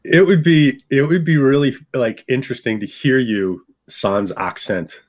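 A man's voice: mid-range voice, a little slow. Easygoing male sports radio co-host. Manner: rambling, earnest explainer with restarts. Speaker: radio co-host, fantasy football analyst. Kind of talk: casual sports radio chat. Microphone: studio microphone.

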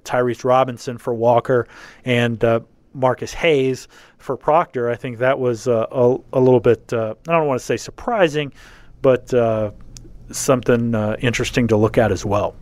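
In a dry recording, a medium-pitched, slightly mellow male voice hosts a laid-back sports podcast. His speech is halting as he works through ideas, full of fillers and restarts.

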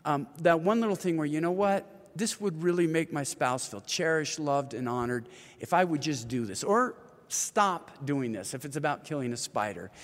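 A man's voice: a little high, animated, normal speed, in a large hall. A man in his fifties, an author and ministry leader, talking earnestly in an interview and telling stories. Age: 50s. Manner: earnest storyteller, acts out quoted voices. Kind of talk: interview conversation.

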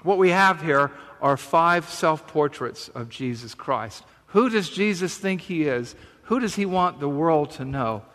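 A man preaches a sermon, moving from scripture reading into a talky, conversational explanation full of rhetorical questions. His voice sits a little high for a man. The sound carries a long reverb. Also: animated, unhurried, few pauses, fairly bright tone. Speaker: pastor.

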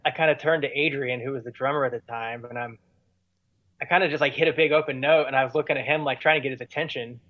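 A man's voice: mid-range voice, fairly even intonation, fast talker, no room sound, lo-fi sound. A man telling stories as a guest in an interview, rambling with many fillers and restarts. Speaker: touring musician guest. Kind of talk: casual storytelling in an interview.

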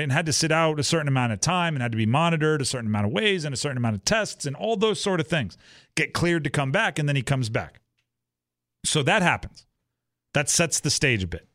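A man's voice: mid-range voice, a bit bright, no room sound, clean studio sound. A young man co-hosting a sports talk show in a casual, rambling way, acting out the teammates he quotes. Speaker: sports podcast co-host.

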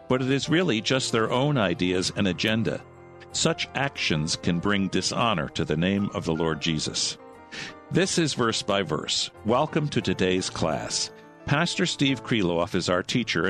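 A male announcer reading a scripted introduction in a measured, formal way. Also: on the low side, fairly bright tone. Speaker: program announcer.

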